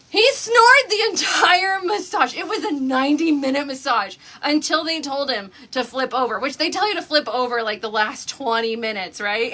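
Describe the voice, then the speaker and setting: Lady doing a craft livestream, high bright voice, chatty, laughs a lot, talks right to the viewers. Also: animated, normal speed, hardly any pauses. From Oklahoma, USA. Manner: chatty storyteller, laughing often, addressing viewers directly. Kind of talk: casual chat on a livestream.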